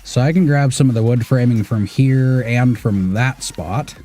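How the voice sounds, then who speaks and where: Faint music sits behind this Washington State man in his thirties as he streams an off-road driving game. He speaks at a measured pace in a mid-range, dark voice, offering casual gameplay commentary, muttering to himself and occasionally swearing.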